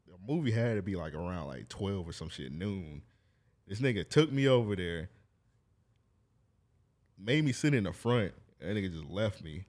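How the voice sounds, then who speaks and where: Man, very low voice, thirties, podcast co-host, relaxed slangy banter, teasing jokes. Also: moderate pace, long pauses. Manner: laid-back, joking, heavy slang. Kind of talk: casual chat.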